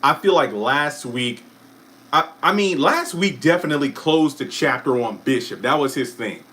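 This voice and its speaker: A young man hosting a relaxed live stream. He talks in a chatty, rambling way, cuts himself off mid-sentence, and drops in quick apologetic asides. His voice sits at a medium pitch. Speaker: YouTube live stream host. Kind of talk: casual live stream chat reacting to viewer comments.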